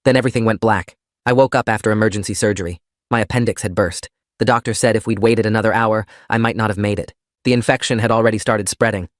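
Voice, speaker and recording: Male storytime narrator, low pitch, even delivery, dead-dry booth sound. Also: fast talker, no echo. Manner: steady, plain reading. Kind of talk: first-person storytime narration.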